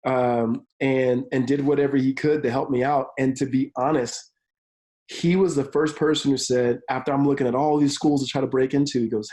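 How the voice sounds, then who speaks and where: A man in his thirties, a football coach and pastor, telling his story in an energetic interview, speeding up in quick bursts. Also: medium pitch, low-quality recording. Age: 30s. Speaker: college football analyst and pastor. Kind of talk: remote interview.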